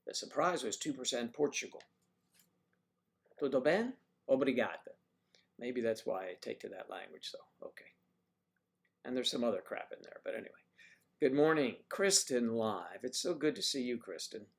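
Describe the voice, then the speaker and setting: Gravelly, animated livestream host. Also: male voice, mid-range voice, normal speed. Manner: chatty, teasing, greets viewers by name. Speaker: livestream host reading viewer chat. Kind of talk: casual livestream chat.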